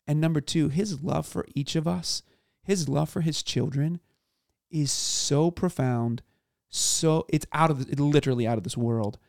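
A man in his thirties co-hosting a casual faith podcast, talking earnestly and searchingly with halting restarts. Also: a little high, creaky, a little mellow, dry recording, studio quality. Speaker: podcast co-host.

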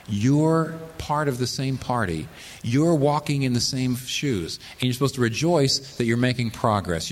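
A man preaching a sermon, swinging between loud emphatic lines and quiet asides. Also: mid-range voice. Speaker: pastor. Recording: reverberant hall with faint noise.

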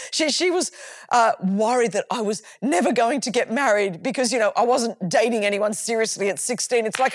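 A woman hosting a faith talk, telling family stories in an animated way with repetitions. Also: on the high side, brisk, no room sound, studio quality. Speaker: podcast host.

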